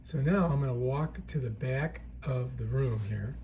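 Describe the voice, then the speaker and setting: A man's voice: mid-range voice, a little slow, warm tone, a little hiss or hum. A man giving a casual, chatty product demonstration in an indoor room, often checking in with the viewer. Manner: chatty, keeps checking in with "right?". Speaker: product reviewer.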